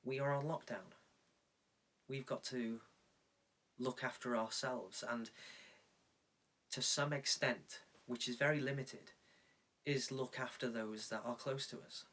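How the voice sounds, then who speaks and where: A man preaching a reflective sermon, telling a story with measured pauses. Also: mid-range voice, steady tone, fairly bright tone, far from the mic. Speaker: pastor. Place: indoors, recorded for online church.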